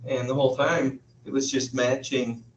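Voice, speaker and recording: A man giving a university classroom lecture, thinking aloud in a halting way with frequent pauses. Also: mid-range voice, flat delivery, a little hiss or hum. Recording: echoey, dull room sound from far off.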